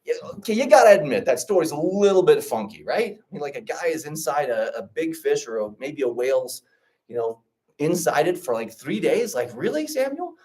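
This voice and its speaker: A man's voice: on the high side, sing-song, brisk, darkish tone. A man doing a teasing, skeptical schoolteacher.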